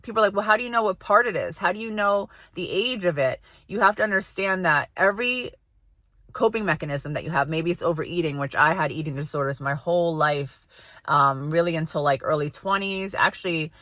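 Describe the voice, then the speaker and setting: A woman's voice: fairly low pitch, a bit bright, dry recording, studio quality. A woman in her thirties, a psychic and healing coach, talking casually and earnestly about inner healing, reassuring and rambling with many fillers. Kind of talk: casual spiritual talk to camera.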